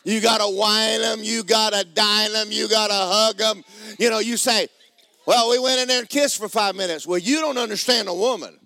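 A man preaching a sermon, joking with the congregation and breaking into loud shouts. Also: sits high, normal speed, vocal fry. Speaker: pastor.

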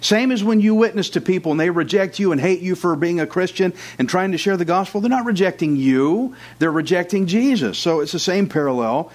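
A man's voice: sits high, fast, hardly any pauses. A man preaching a sermon as pastor, conversational, with jokes and asides to the congregation. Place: church.

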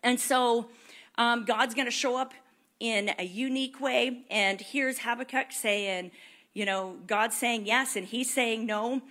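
Animated woman preaching a sermon. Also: on the high side, measured pace. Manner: animated, acts out prayers and voices in quotes.

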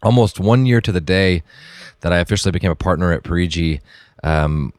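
Middle-aged man, chef, earnest storytelling, deep voice, dry close sound. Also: dry recording. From Dallas, Texas. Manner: earnest, animated storytelling with many fillers and restarts. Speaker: chef giving a talk. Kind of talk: storytelling talk to an audience.

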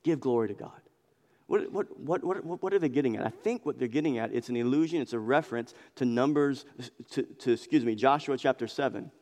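With a mid-range, darkish voice and a fairly quick pace, a man preaches an expository sermon in church. He speaks with emphatic passion, repeating phrases for emphasis, and the recording carries a large hall's long reverb.

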